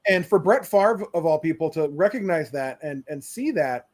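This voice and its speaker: A man's voice: on the high side, expressive, moderate pace. A man co-hosting a sports fan podcast over a video call, talking earnestly and often restarting as he searches for words. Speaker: podcast co-host. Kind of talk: casual chat.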